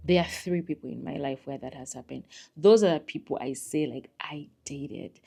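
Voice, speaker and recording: A woman's voice: low voice, normal speed, gravelly, mellow. A young woman, chatting frankly to camera in a casual life-update vlog, laughing often and swinging from murmurs to squeals. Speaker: vlogger.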